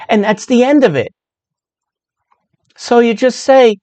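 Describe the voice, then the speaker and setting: A woman in her sixties with a low voice register, telling a personal story in a loose, chatty way full of asides. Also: animated, measured pace, long pauses, warm tone, dry recording. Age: 60s. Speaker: speaker sharing a personal story. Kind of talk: casual storytelling monologue.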